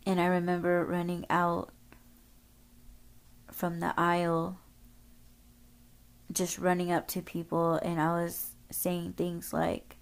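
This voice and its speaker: A woman's voice: lowish voice, monotone, slow pace, long pauses. A woman podcast host telling a story casually, rambling, swearing often and using lots of filler words.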